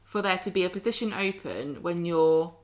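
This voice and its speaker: A woman's voice: on the low side, normal speed. A woman with a southern English accent chatting casually as a podcast co-host, recapping a soap with sarcastic asides. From southern England.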